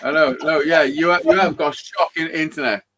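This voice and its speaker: A man's voice: a little high, fairly even intonation, normal speed, background noise. A man hosting a casual live stream chat, swearing a lot and laughing often.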